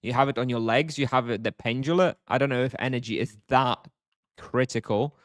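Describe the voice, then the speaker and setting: Man, live game streamer, easygoing chat with viewers, mid-pitched voice, dry close sound. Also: fairly quick, no room sound. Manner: relaxed, thinks aloud with fillers and restarts, chuckles often. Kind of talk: casual live-stream chat, answering chat questions.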